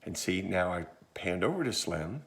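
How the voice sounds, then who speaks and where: A church video instructor gives a casual how-to tutorial on filming skits, chatting and demonstrating as he goes. His voice is lowish, animated and fairly bright at a normal speed, recorded on a phone about a foot away with slight background noise.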